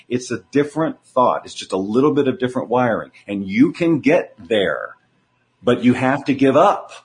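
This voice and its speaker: A man speaking as a guest in an interview, coaching earnestly with emphatic rhetorical questions. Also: mid-range voice. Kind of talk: conversational coaching talk.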